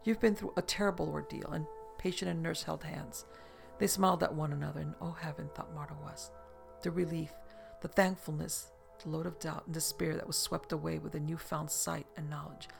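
Very gravelly, measured audiobook narrator. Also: mid-range voice, flat delivery, soft background music. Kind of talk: scripted narration of a novel.

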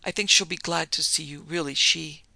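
A man reading aloud, voicing a nervous male planter who speaks quietly and hesitantly. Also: a little high, normal speed, gravelly, dry recording, full character voice.

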